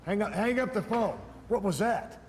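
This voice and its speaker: A man playing a gruff boss in a comedy skit, brash, bossy and cursing. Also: high-pitched, lively intonation, normal speed.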